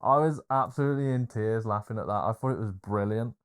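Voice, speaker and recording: Co-hosting a podcast, a man with a fairly low, smooth voice talks fast as he retells film scenes in casual conversation. He's an animated storyteller but hesitant, full of fillers.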